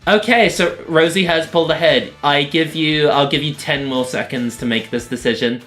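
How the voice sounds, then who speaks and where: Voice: mid-range voice, moderate pace, a bit bright, soft background music. A streamer giving giggly, chatty live commentary. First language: not American.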